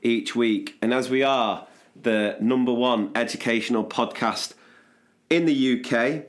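Taking his time, a podcast host keeps the casual conversation light with a chirpy, jokey manner. His voice occasionally sinks low and soft as he recounts something.

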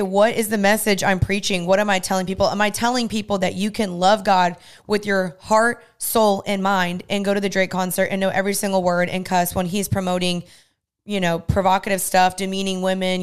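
A woman's voice: medium pitch, clear, resonant tone. A young woman co-hosting a podcast, talking earnestly about faith in casual chat and acting out what others say. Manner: earnest, talks through her faith with quoted asides. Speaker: podcast co-host.

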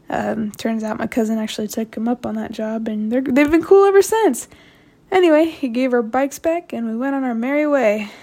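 A young woman with a fairly high voice tells a story she sent in to a podcast. She talks in a chatty, self-mocking way, like she is recounting a wild teenage adventure to a friend. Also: vocal fry, a little mellow. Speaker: listener telling a story to a podcast. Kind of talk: casual storytelling.

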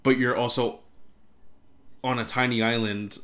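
A man's voice: medium pitch, a little slow. Man telling stories, lots of cursing. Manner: animated storyteller, swears often, says "like" a lot. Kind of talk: casual chat, storytelling.

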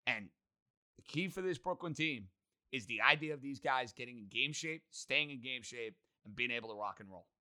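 A man's voice: medium pitch, moderate pace. A man hosting a sports talk show, chatting casually and emphatically about games and guests. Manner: emphatic, energetic.

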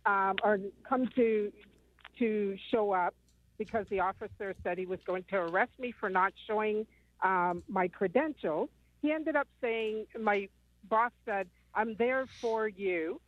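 This caller, a woman in her fifties, has a medium-pitched voice and speaks at a measured pace with no echo. Her rambling phone-in account is full of ums, and the line sounds tinny.

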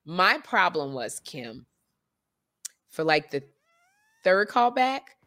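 Woman co-host, lively storyteller, bright tone, pitch swinging widely. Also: slow. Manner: animated storyteller, mimics accents. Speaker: podcast co-host. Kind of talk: casual chat.

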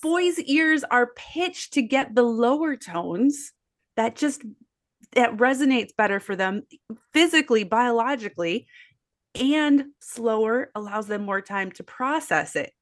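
A woman's voice: a little high, lively intonation, measured pace. A woman who is the mother of boys, speaking earnestly on a parenting podcast. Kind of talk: casual podcast conversation.

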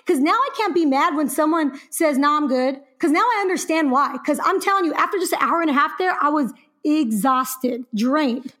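A young woman co-hosting a podcast, telling a story in a lively, chatty way and laughing often. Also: high-pitched, normal speed, hardly any pauses. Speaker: podcast co-host. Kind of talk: casual podcast chat.

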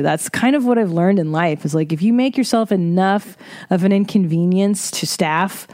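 A woman's voice: mid-range voice, moderate pace, mellow, no echo, clean studio sound. A woman hosting a podcast, telling a casual story with wry, profane asides. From Eastern Bloc. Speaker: podcast host.

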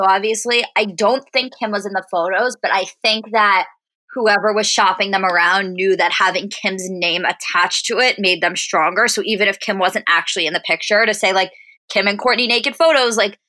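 Podcast cohost lady, bright voice, kinda teasing, dry sound. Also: medium pitch, no room sound. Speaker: podcast co-host. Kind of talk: casual chat.

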